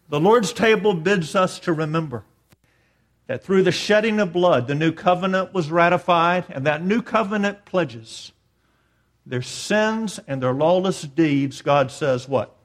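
Man preaching with a high, lively voice. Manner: emphatic preaching, rising and dropping in volume. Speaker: pastor. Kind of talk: sermon.

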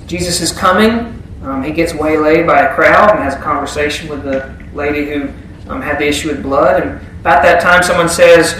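Speaking to his congregation from a distant mic, a high-voiced preacher keeps his sermon conversational and full of questions for them. His slightly bright voice echoes around a very reverberant church, with a faint hiss in the background.

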